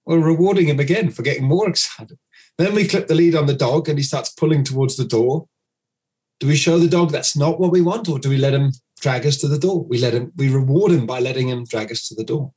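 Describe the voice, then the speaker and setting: A man's voice: fairly high pitch, fairly quick, a little mellow. A man, a dog trainer, explaining his method in an interview, acting out owners' commands.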